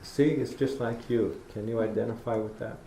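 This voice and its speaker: A middle-aged man gives a folksy storytelling lecture, his voice gravelly and mellow. He speaks in a roomy lecture hall, and a faint hiss sits under the recording. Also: fairly low pitch, little pitch movement, normal speed. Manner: storytelling, folksy, acts out talking to kids. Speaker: public lecturer. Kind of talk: public talk.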